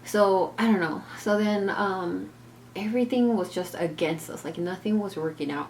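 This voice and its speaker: A woman's voice: mid-range voice, normal speed, a little mellow, slight background noise. A young woman vlogger telling a family story in casual, rambling talk full of fillers.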